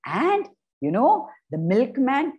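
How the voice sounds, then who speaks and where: Woman, expressive storyteller, slow unhurried pace, husky tone. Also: sits high. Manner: expressive, sound effects and character voices. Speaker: storytelling workshop leader. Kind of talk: animated children's story reading.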